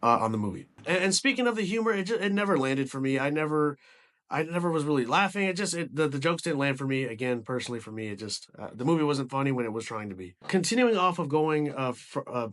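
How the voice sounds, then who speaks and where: A man's voice: a little high, lively intonation, fast talker, fairly bright tone. A man giving a casual movie review, rambling with frequent restarts and casual swearing.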